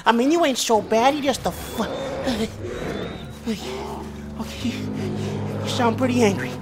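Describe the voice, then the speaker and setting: A man's voice: very high voice, normal speed, pitched above the performer's own voice. A man voicing a brash, foul-mouthed mafia mob boss during in-character game commentary, swearing constantly and swinging between cocky boasts and jittery nerves. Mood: nervous bravado. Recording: game music clearly behind the voice. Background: game music.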